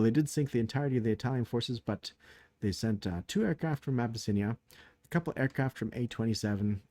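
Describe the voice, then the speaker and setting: Tired guy recapping his board game turn late at night, lowish voice, dry close mic, lots of ums. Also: dry recording. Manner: relaxed, thinking aloud, many fillers. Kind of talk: casual game recap commentary.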